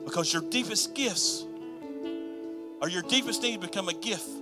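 A male pastor preaching a sermon, moving between hushed, soft passages and loud, emphatic lines with repeated rhythmic phrases. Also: high-pitched, moderate pace, loud music behind the voice.

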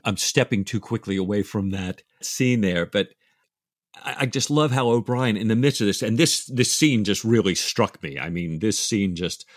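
A man co-hosting a book discussion podcast, talking in a reflective, emotional way with halting restarts. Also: on the low side, no room sound, clean studio sound. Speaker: podcast co-host.

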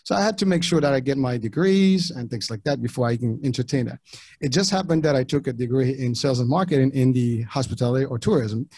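A middle-aged man from Morocco, whose first languages were French and Arabic, talking casually as an interview guest in halting sentences with many restarts. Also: medium pitch, darkish tone, no room sound. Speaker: podcast guest.

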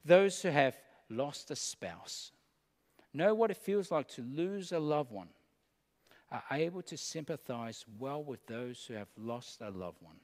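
Slow, earnest preacher man in a hall. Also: mid-range voice, expressive, a little mellow. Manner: earnest, slow and deliberate, with pauses between phrases. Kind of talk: sermon.

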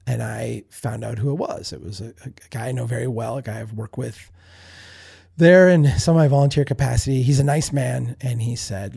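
A man with a gravelly, very husky voice and a dark, mellow tone tells a personal story on a podcast. He talks in a candid, self-reflective way, often restarting sentences and repeating words as he thinks aloud. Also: medium pitch, steady tone, moderate pace. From Minnesota. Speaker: podcast host. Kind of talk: casual storytelling monologue.

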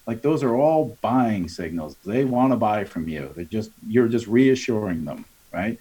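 A man's voice: on the low side, animated, normal speed, few pauses, warm tone, husky. A man training contractors on sales in an interview, speaking in a coaching tone, acting out customer dialogues and often adding "right?". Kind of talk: conversational podcast interview.

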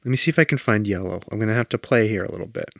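A man's voice: fairly low pitch, racing, gravelly. A man co-hosting a podcast, chatting casually and teasing his co-host while he searches for a recording to play. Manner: easygoing and teasing, talks while fiddling with playback. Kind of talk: casual chat.

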